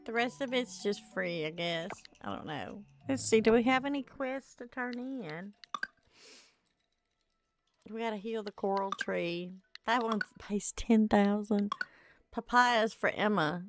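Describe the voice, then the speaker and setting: A woman chatting casually to her viewers while she plays a video game, tired and nursing a headache. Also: medium pitch. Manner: chatty, talks to chat and to herself while playing. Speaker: let's play streamer. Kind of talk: casual gameplay commentary.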